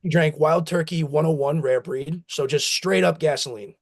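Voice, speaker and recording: A man's voice: on the high side, normal speed. A man, a company founder from the United States, telling rambling stories with acted-out quotes in a casual interview. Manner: rambling, anecdotal, acts out family quotes.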